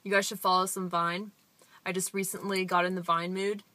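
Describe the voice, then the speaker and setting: A woman's voice: fairly low pitch, little pitch movement, fairly quick, sharp tone, no echo. A young woman vlogging in a car, chatting in a giggly, playful and hyper way. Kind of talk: casual chat to camera. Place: in a parked car.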